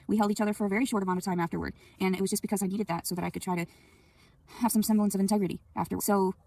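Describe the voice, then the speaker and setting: A sleepy-sounding young woman with a medium-pitched voice delivers a rambling, profane venting monologue recorded on a phone with the mic at a distance. She swings between loud anger and quiet sadness.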